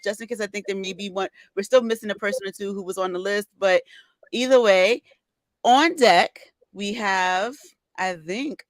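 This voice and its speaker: A woman's voice: mid-range voice, dry recording. A woman hosting a virtual open mic over a video call, upbeat and loose, introducing the next poet. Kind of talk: casual event hosting.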